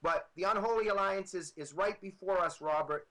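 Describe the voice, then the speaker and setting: Bright, high-pitched emphatic male guest. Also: normal speed, low-quality recording. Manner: emphatic, repetitive, builds to rising emphasis. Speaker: guest author. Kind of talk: impassioned political commentary.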